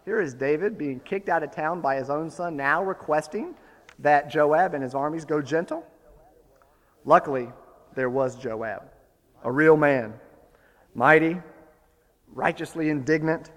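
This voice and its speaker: A man preaching a sermon, retelling a story with lively, building emphasis. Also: a little high, in a large hall. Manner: storytelling, animated, rising to forceful emphasis.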